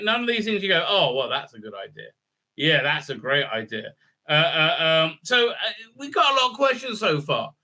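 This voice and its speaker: Man, reviewer, sarcastic, rambling, bright tense tone, slightly high voice. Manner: rambling and sarcastic, many fillers, acts out scenes in silly voices. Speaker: TV episode reviewer. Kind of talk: casual episode recap and review.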